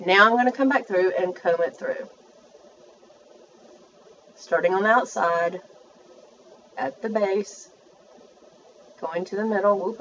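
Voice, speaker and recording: A woman's voice: fairly low pitch, muffled recording, a little hiss or hum. Chatty woman doing a makeup tutorial. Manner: chatty, self-narrating, addresses viewers as y'all. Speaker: beauty vlogger.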